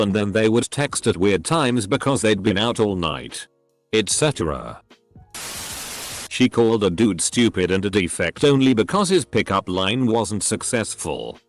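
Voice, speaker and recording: A synthetic male computer voice, set fairly low, reads online posts aloud one short clipped sentence after another. The pitch swings up and down through each line. Faint music plays underneath. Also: expressive, normal speed. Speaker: narrator reading posts aloud. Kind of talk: text-to-speech reading of online posts.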